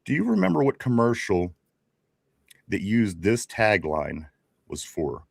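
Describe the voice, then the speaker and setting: This is a man in his forties with a Pittsburgh accent, co-hosting a laid-back sports show. His voice sits a little low but moves a lot, and he circles back to the same greetings again and again. The sound is dry and close. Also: wildly swooping pitch, a little slow, creaky, dry recording. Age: 40s. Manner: rambling, repeats greetings, laughs often. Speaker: podcast co-host. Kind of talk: casual sports talk show.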